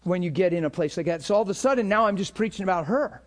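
A man preaching a conversational sermon as a pastor, animated, acting out imagined thoughts in a hushed voice and laughing between points. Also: sits high, fast talker, hardly any pauses.

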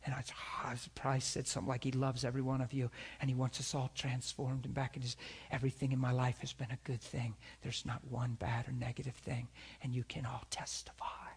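A middle-aged male pastor telling a story in a sermon, dropping to a hush for emphasis and bursting into exclamations. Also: mid-range voice, completely flat delivery, quick pace, hardly any pauses, slightly rough.

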